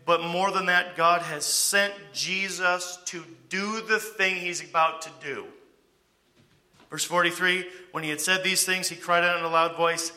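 A man's voice: high-pitched, pushed and bright. A man teaching a Bible study in a conversational way, often asking "okay?" and posing rhetorical questions to his listeners.

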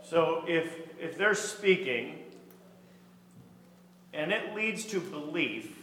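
A man's voice: on the high side, expressive, takes it slowly, fairly bright tone, a little hiss or hum. A man teaching a Bible study class, reading scripture aloud and putting questions to the group. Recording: echoey hall.

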